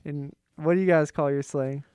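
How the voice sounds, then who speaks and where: A man's voice: fairly high pitch, steady tone, normal speed, a little mellow, clean tone, dry recording. A young man from Pittsburgh with a Pittsburgh accent, co-hosting a casual chat in an easygoing way and laughing often. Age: young adult. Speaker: co-host.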